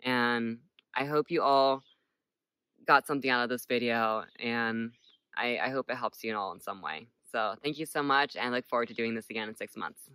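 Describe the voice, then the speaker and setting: A man's voice: medium pitch, moderate pace, sharp tone, slight background noise. A man in his late twenties talking casually to camera as a vlogger, hesitant and full of "like" fillers. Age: late 20s.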